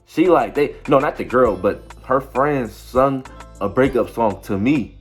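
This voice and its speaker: A man's voice: medium pitch, a little slow, faint music behind. A young man telling a story in a casual, rambling way, full of slang and repeating "you feel me". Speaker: vlogger.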